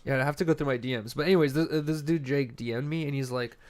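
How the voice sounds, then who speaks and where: On a podcast after-show, a young male host tells a story in loose, rambling chat full of slang and laughter. He talks quickly in a mid-range voice.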